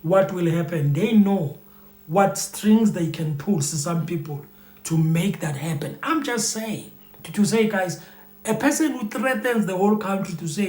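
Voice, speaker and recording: Unhurried and expressive, a high-pitched South African man offers rambling commentary to viewers on YouTube, repeating himself and leaning on fillers. The sound is reverberant.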